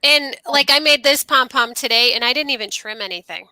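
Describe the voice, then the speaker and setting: She is an upbeat woman with a bright, forward tone, chatting on a live stream. Her high voice sounds close and dry, as if over a video call. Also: fairly quick, no echo, poor audio. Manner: upbeat, reads chat comments aloud. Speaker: podcast co-host. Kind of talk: casual live-stream chat.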